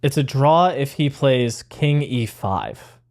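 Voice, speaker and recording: A young man giving casual, rambling commentary on his own chess game, excitable and full of fillers. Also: medium pitch, takes it slowly. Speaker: chess content creator.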